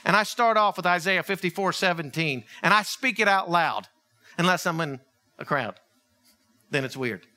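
A man preaching a sermon as pastor, conversational and animated, acting out little dialogues. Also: sits high, moderate pace.

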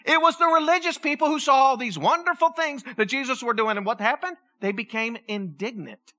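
A woman pastor preaching a sermon in church in a lively, joking way, acting out voices as she tells the story. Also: high-pitched, brisk, few pauses. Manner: animated, joking, acts out voices.

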